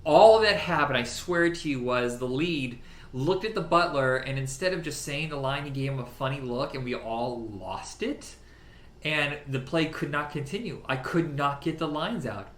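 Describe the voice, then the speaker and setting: A man co-hosting a podcast, chatting casually about films, animated and freely swearing, laughing often. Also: on the high side, normal speed. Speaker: podcast co-host. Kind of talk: casual film chat. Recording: roomy with faint background noise.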